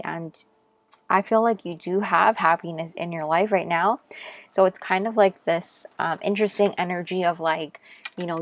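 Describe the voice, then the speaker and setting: A woman's voice: lowish voice, no echo. A woman giving a casual, intuitive tarot reading, chatty and rambling with lots of fillers, a little out of breath. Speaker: tarot reader.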